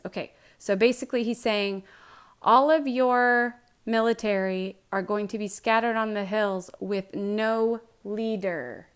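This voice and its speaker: Casual woman Bible teacher, conversational retelling with a smooth tone. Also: mid-range voice, steady tone, unhurried. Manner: chatty, jokey retelling.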